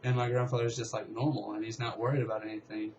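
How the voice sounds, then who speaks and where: A young man casually telling a long story, rambling and excitable, with lots of fillers. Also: lowish voice, fast, lo-fi sound, a little hiss or hum. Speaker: vlogger.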